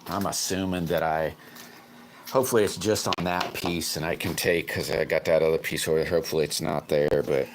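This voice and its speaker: A man's voice: rumbling low, steady tone, a little fast, noisy background. A man hosting a casual livestream, greeting viewers by name and rambling through his workshop troubles. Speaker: livestream host. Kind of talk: casual live-stream chat.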